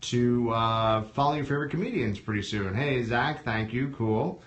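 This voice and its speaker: A man's voice: medium pitch, normal speed. A man hosting a live comedy stream, emceeing between sets and loosely ribbing the comics. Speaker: comedy show host. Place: comedy studio.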